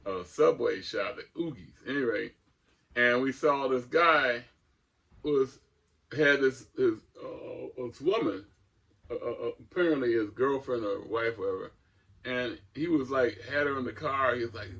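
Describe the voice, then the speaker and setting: A man's voice: mid-range voice, a little slow, creaky, a bit bright, lo-fi sound. An older man, a co-host telling a rambling story in a casual chat. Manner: rambling, restarts often, chuckles through stories.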